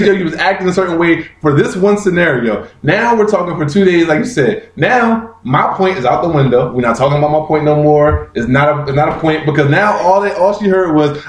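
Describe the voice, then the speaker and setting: A man, co-hosting a casual chat and telling stories with heavy slang and profanity. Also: a little high. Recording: echoey room.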